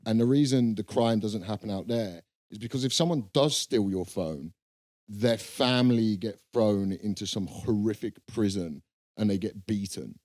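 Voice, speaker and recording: A man's voice: on the low side, moderate pace, darkish tone, no room sound, clean studio sound. A young man, co-hosting a podcast in loose, joking banter and swearing freely. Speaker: podcast co-host. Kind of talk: casual banter.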